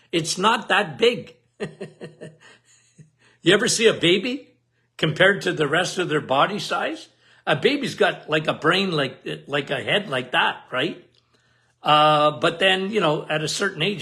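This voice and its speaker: Emphatic high-voiced man explaining health. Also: pushed and bright. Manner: emphatic, repetitive, asks the listener questions. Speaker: health podcast host.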